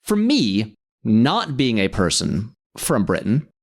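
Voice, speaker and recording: Male podcast guest, enthusiastic and lively, stammering restarts. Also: fairly low pitch, takes it slowly, breathy edge. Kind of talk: casual chat.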